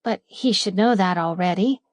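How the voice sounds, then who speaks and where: A woman reading a first-person romance audiobook in a playful manner, lingering over the words with breathy asides. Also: medium pitch, normal speed, dry recording, studio quality. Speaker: audiobook narrator.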